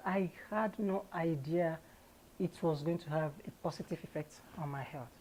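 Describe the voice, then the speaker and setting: A woman's voice: fairly low pitch, a little hiss or hum, poor audio. Laughing Nigerian woman telling her story. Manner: lively, candid storyteller who laughs often. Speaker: interview guest. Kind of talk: casual storytelling interview.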